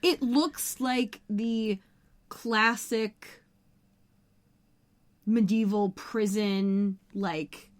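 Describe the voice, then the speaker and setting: A woman's voice: mid-range voice, drawn-out words, long pauses. A woman co-hosting a podcast, recapping an episode in casual, rambling chat full of fillers. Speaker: podcast co-host.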